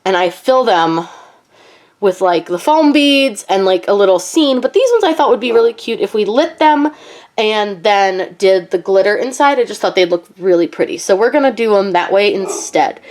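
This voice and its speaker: A woman's voice: mid-range voice, lively intonation, moderate pace, darkish tone. A woman with a cold and a nasal voice, chatting casually through a craft tutorial with frequent ums and likes. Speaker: craft channel host.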